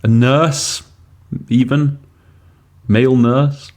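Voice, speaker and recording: Extremely slow and steady, this podcast host's medium-pitched, darkish voice walks through casual explanations about interpreting. He mulls over English word choices out loud, full of fillers and restarts.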